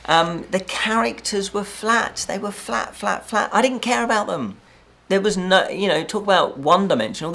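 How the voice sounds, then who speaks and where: A man reviewing a film in a casual chat, animated and exasperated, repeating points for emphasis. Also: fairly high pitch. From United Kingdom.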